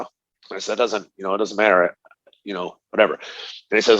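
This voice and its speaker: A man's voice: on the low side, little pitch movement, moderate pace, pauses often, fairly bright tone, no room sound, lo-fi sound. A middle-aged man, a former fighter, telling stories animatedly in an interview, acting out the dialogue and laughing often. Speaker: interview guest, retired fighter. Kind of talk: casual storytelling interview.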